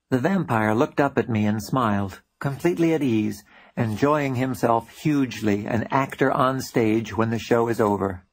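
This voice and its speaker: A man reads his own book aloud as a first-person audiobook. His voice sits in a middle pitch and has a husky, breathy edge. The telling is plain and steady. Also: normal speed. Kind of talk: audiobook narration.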